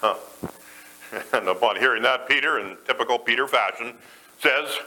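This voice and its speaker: A man's voice: mid-range voice, moderate pace, sharp tone, slight background noise, poor audio. A man preaching a sermon to a church, talking conversationally and putting questions to the congregation. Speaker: pastor.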